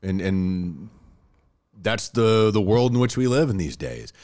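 A man co-hosting a podcast, chatting casually and telling stories with quick asides. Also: fairly low pitch. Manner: animated storytelling, fast asides. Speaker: podcast co-host. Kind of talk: casual chat.

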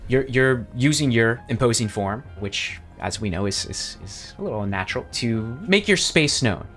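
A man's voice: medium pitch, lively intonation, moderate pace, a bit bright, soft background music. A man narrating a tabletop game as game master, speaking in a descriptive way with frequent restarts.

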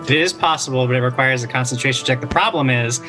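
A man's voice: medium pitch, fast talker, sharp tone, faint music behind. Guy at a tabletop game, casually explaining rules, mid-range voice. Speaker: player. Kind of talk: describing a character's actions in a tabletop game.

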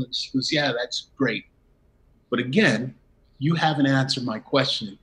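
Animated middle-aged man telling a story. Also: mid-range voice, measured pace, rough recording. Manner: animated, acts out quoted dialogue with laughs. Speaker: interview guest. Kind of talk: personal storytelling in conversation.

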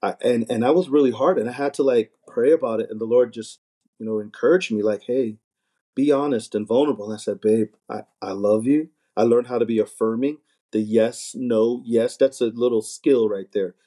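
A man's voice: mid-range voice, steady tone, brisk, warm tone. A man in casual conversation, talking earnestly and often repeating words as he starts a thought. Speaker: podcast guest, married minister. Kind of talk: casual chat.

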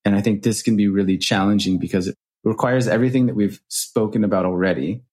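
A man in his thirties, a podcast guest and author, telling reflective stories in an earnest, animated way with casual swearing. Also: on the low side, fast talker. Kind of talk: reflective storytelling.

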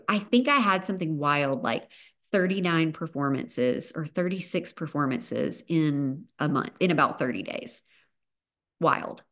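A woman in her thirties with a Southern US accent, hosting a motivational podcast in an upbeat, emphatic pep-talk manner. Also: low voice. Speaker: podcast host.

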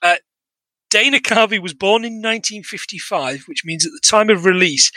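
A man's voice: high voice, moderate pace, pushed and bright, no echo. A man in his thirties co-hosting a podcast, chatting casually about a film in a rambling, sweary, exasperated way with many restarts. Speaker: podcast co-host. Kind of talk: casual comedic film review chat.

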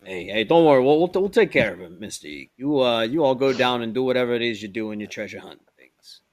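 Guy doing a gruff one-handed sailor, blunt and offhand, dry close sound. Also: medium pitch, expressive, fast talker, no echo, lightly acted. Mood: reassuring.

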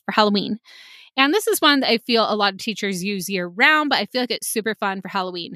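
Upbeat woman teacher podcaster, chatty, mid pitch, bursts into little chants, dry sound. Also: fairly bright tone, no room sound. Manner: chatty, upbeat, sings short jingles and chants. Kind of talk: casual podcast talk.

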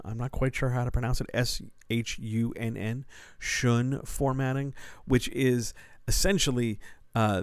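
Low-voiced man explaining casually. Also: no room sound. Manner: conversational, explanatory, with fillers and restarts. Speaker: writing coach and developmental editor. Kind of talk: casual solo podcast Q&A.

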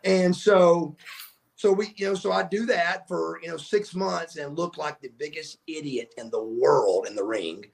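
Animated middle-aged man telling stories. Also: a little high, unhurried, vocal fry. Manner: animated storyteller who acts out quoted voices. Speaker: podcast guest. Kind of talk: casual storytelling.

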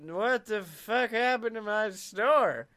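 A man's voice: high voice, expressive, slow pace, bright, forceful tone, full character voice. A man voicing a foul-mouthed, angry male suit store owner in a comedy podcast joke. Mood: exasperated. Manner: cursing, blustering.

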